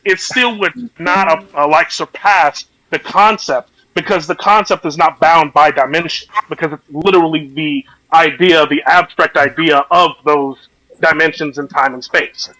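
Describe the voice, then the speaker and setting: Give me a man with a high, sharp voice, stumbling and insistent in an argument. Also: fairly even intonation, normal speed, rough recording. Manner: stammering, repeats himself, insistent. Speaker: debater. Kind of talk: heated online debate.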